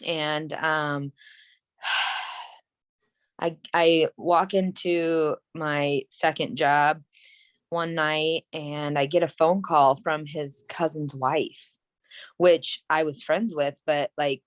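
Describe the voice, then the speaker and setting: A woman's voice: deep voice, fairly even intonation, very slow, no echo. A woman in her thirties, an interview guest, candidly telling a personal story in a rambling, earnest way, full of "like" and "you know". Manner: earnest and emotional.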